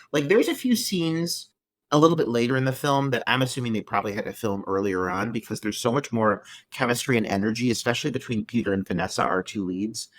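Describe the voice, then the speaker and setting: Lively, bright-voiced man podcaster. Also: mid-range voice, no room sound. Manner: animated, profane, laughing often. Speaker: podcast co-host. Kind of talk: casual film review chat.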